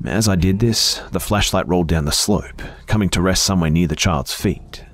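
Man, very deep voice, husky, hushed dramatic horror narration, drops to whispers. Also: normal speed, no room sound. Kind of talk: scripted first-person horror narration.

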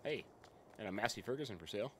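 A man's voice: on the low side, lively intonation, quick pace, fairly bright tone, a little hiss or hum. A man hosting a casual let's-play stream, chatting and greeting viewers by name. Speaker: game streamer.

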